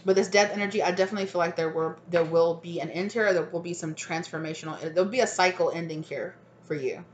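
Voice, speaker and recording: A woman's voice: lowish voice, fast, slight background noise. Chatty, frank woman reading tarot. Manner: chatty and frank, often laughing. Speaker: tarot reader. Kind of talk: casual pick-a-card tarot reading.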